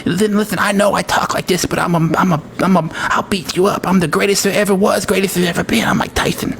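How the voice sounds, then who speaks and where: A man doing a soft lisping boxer impression. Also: sits high, steady tone, quick pace, vocal fry, a little hiss or hum, pitched above the performer's own voice. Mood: boastful. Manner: boastful, menacing. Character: impression of a soft-spoken, fierce male boxer.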